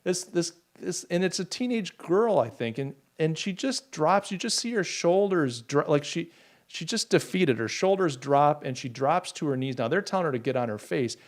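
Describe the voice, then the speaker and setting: A man's voice: on the high side, animated, normal speed. A man hosting a casual live talk show, rambling and indignant, with many restarts while he answers viewer comments. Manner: reads and answers chat comments. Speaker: podcast host.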